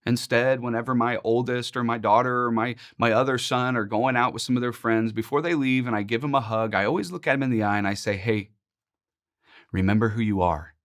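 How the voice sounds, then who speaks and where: A man in his forties leads a Bible study in an earnest, emphatic teaching voice. His pitch sits in an ordinary middle range, and he slows into measured, rhythmic pauses to press a point home. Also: fairly even intonation, a bit bright.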